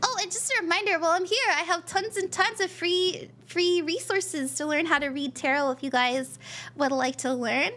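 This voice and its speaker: Bubbly, high-voiced woman tarot streamer. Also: normal speed, pushed and bright. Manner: bubbly and chatty, thanks viewers by name. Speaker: tarot reader and stream host. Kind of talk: casual live-stream chat.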